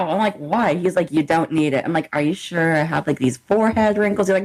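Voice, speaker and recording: A woman's voice: on the low side, quick pace, few pauses, low-quality recording. Woman, late 20s, podcast co-host, casual chat, giggly, rambly storyteller. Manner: laughing often, rambling, animated storytelling.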